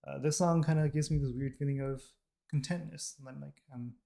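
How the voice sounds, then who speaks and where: His voice is fairly high and warm, with vocal fry, a steady tone, and a brisk delivery. He's an American man running a K-pop reaction channel, chatting casually on camera and rambling through plenty of ums, restarts, and self-corrections.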